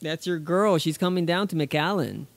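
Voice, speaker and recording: A man co-hosting a podcast, speaking in a relaxed, steady way with some hesitant fillers. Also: a little high, moderate pace, vocal fry, no echo. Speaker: podcast co-host. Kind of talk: casual chat.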